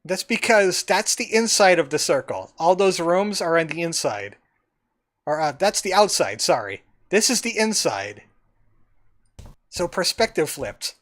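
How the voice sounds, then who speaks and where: A man chatting through a game stream in a casual, wry way, tossing out sarcastic remarks. His pitch moves around a lot as he talks. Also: animated, unhurried, a bit bright. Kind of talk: casual gameplay commentary.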